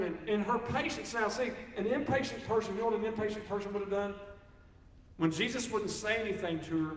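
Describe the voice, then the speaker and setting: A man preaching a sermon, folksy and animated, joking with the congregation. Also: sits high. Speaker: pastor. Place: church sanctuary. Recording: echoey hall, speaker far from mic.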